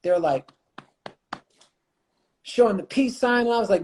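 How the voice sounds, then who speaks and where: A man's voice: high voice, expressive, brisk, long pauses, warm tone. Passionate man, repeating lines for emphasis. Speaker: guest, motivational speaker and coach. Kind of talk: impassioned conversation on a livestream. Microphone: phone or computer mic on a livestream.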